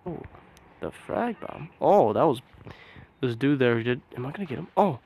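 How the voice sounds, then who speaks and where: A man giving casual, excitable commentary over his own gameplay, with frequent exclamations and groans, sometimes dropping to a soft mutter. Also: mid-range voice, moderate pace.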